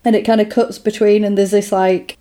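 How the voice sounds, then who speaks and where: A woman's voice: medium pitch, little pitch movement, brisk, mellow. A woman casually retelling a film plot in a chatty podcast, with lots of fillers.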